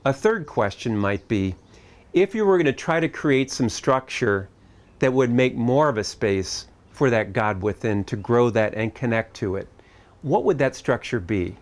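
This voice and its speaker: A man's voice: medium pitch, animated, measured pace. A middle-aged man speaking at a family camp, giving a reflective talk in a conversational way. He asks his listeners searching questions and adds light humor.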